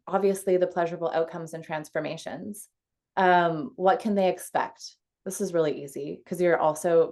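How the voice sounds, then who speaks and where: A woman coach leading a casual teaching call from home over a video call, chatty and quick to laugh, with frequent fillers. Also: fairly low pitch, a little mellow.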